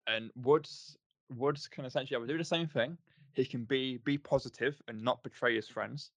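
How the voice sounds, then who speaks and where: A man's voice: mid-range voice, normal speed, no room sound. A man co-hosting a casual podcast, recapping things with filler ums and acting out lines. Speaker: podcast co-host. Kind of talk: casual chat review.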